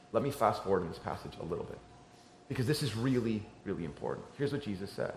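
A man's voice: lowish voice, lively intonation, fast. Man preaching in a roomy church. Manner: conversational preaching, swinging between hushed and emphatic. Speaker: pastor. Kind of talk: sermon.

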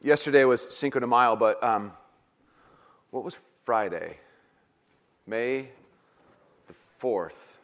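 A man's voice: mid-range voice, expressive, takes it slowly, pauses often, a bit bright. A man preaching a sermon as a pastor, casual and joking, with many fillers and restarts, in a church hall.

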